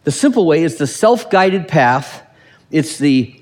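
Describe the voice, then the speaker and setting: Man, pastor, sermon, lively swinging pitch, dry humor, long hall reverb. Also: measured pace. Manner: animated preaching, acts out quotes, dry humor.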